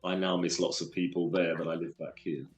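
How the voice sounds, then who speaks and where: A man from London with a London accent, a guest telling stories from his life in an earnest, halting way with many restarts. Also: sits low, flat delivery, echoey room, soft background music. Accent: London English. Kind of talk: casual storytelling interview.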